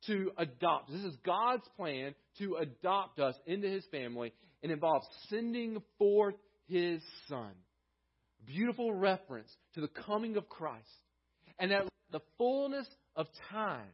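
A male pastor preaching a sermon earnestly, rising for emphasis and then dropping his voice low. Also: muffled recording.

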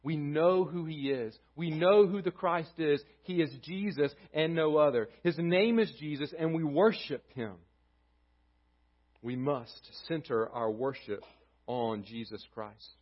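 A pastor preaching a sermon, emphatic and rising loud, then dropping to a hush, in a church. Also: male voice, a little high, a little slow, highs cut off. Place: church sanctuary.

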